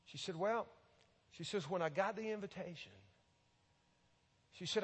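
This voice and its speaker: A man's voice: high-pitched, a little slow, husky. A man preaching a sermon, telling a story and then pleading earnestly with the congregation. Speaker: pastor. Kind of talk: sermon with a story and an altar call. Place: large auditorium. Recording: long hall reverb.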